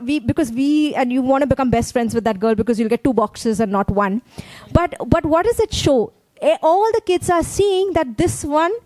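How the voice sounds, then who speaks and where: A woman's voice: high-pitched, darkish tone, no room sound, poor audio. A woman pastor from India, preaching a sermon in a conversational way and often checking in with her listeners.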